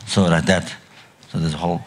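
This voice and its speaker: Slow, gravelly older man giving a Buddhist teaching. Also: low-pitched, a bit bright. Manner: halting, full of restarts and trailing phrases. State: coughing and clearing his throat often. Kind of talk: dharma talk at a retreat.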